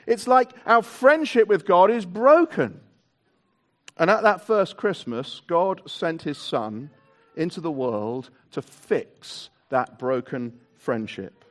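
A male preacher speaks to a congregation in a church hall with tiered seating. His voice sits high and swings widely in pitch. He takes his time, slowing down and stretching out the words he wants to land. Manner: animated, drawn-out emphasis on key words, leads the congregation in actions. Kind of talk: all-age Christmas sermon.

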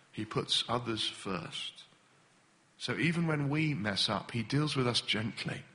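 Bright-voiced animated preacher man. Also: fairly high pitch. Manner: animated, acts out impatient voices. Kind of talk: sermon.

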